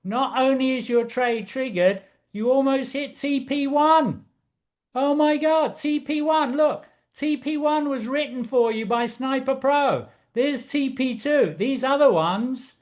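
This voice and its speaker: A middle-aged man with a high voice gives a trading lesson over a chart screen. He talks slowly and deliberately, with a showman's excitement, repeating phrases again and again. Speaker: trading instructor. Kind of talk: screen-share trading walkthrough.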